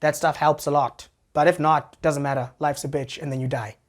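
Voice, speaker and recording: A young man hosting a satirical comedy show, delivering a wry, animated monologue. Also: on the high side, normal speed. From South Africa. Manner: wry, animated, jumps into voices.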